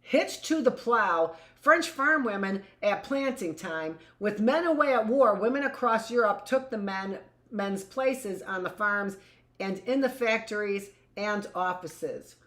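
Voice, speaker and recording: A woman's voice: mid-range voice, lively intonation, unhurried, fairly bright tone. A woman teacher reading a history book aloud in a live class and breaking off for chatty asides that end in "right?". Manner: reads passages aloud, then adds conversational asides with "right?".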